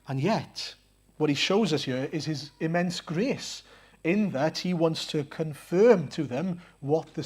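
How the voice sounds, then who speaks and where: Male preacher, sermon, slightly high-pitched voice, earnest, rhetorical questions, halting with repeated words. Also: darkish tone, husky. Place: church.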